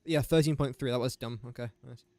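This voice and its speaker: A man's voice: medium pitch, steady tone, fast talker, darkish tone, dry recording. A man chatting on a game live stream, thinking aloud through sums and joking with viewers. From England. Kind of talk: casual live-stream chat.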